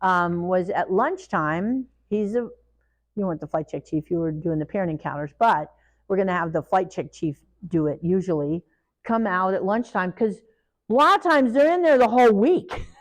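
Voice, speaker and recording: Trainer, middle-aged woman, animated lecture to a room, acts out quotes. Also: on the low side, moderate pace. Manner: animated, acts out parents and children in quoted voices. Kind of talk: training talk to a live group.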